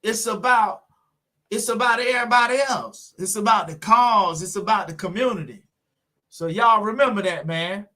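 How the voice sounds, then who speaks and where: A man's voice: sits high, moderate pace, sharp tone. A man hosting a live car stream, chatting casually with viewers in a laid-back way. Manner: laid-back, talks to viewers, fills with "man" and "you know what I'm saying".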